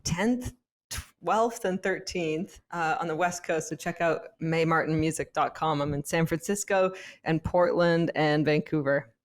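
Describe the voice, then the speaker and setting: Podcast co-host, woman, slightly low voice, easygoing chatty read. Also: measured pace. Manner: chatty, listing tour dates with fillers. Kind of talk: casual chat.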